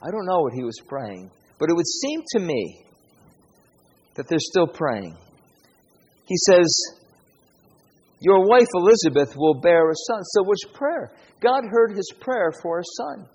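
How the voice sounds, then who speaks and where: A man's voice: high voice, sing-song, unhurried, a little mellow, breathy edge. A man preaching a sermon, speaking earnestly, repeating key phrases and asking his listeners rhetorical questions. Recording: dull, echoey hall recording.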